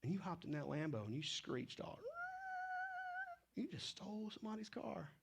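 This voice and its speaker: A man preaching a sermon in a casual, animated way, slipping into quick acted asides. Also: on the high side, gravelly, heavy background noise. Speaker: pastor.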